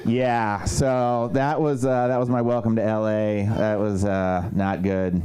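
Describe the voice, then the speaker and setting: A man's voice: fairly low pitch, little pitch movement, slow, a crowd in the background. A young man doing a stand-up comedy set on a club stage, with a dry, self-deprecating delivery. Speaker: stand-up comic.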